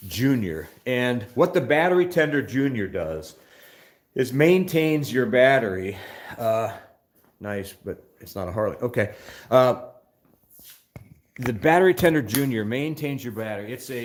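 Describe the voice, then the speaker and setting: A man's voice: medium pitch, a little mellow. Older man, rambling chat, live-stream host, phone mic, echoey shop. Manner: rambling, scattered, reads chat aloud. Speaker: motorcycle channel host. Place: motorcycle shop.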